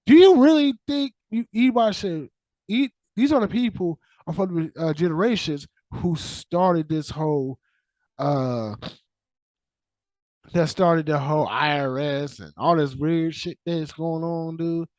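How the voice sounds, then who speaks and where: With no room sound, a fairly high-pitched male podcast host rants casually and a little slowly. He curses, gets animated, says things more than once, restarts often, and lets his lines fade into fillers.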